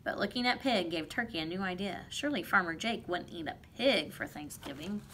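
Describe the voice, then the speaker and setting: A woman reading a picture book aloud to children, lively and playful. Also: lowish voice, brisk, slight background noise. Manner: lively, playful voices for the animals. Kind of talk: children's storybook read-aloud.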